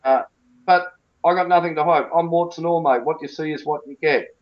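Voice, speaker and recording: A man's voice: fairly high pitch, fairly quick, muffled recording. Blunt, tough-talking cricket coach, a man. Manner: blunt, emphatic, colloquial. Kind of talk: interview.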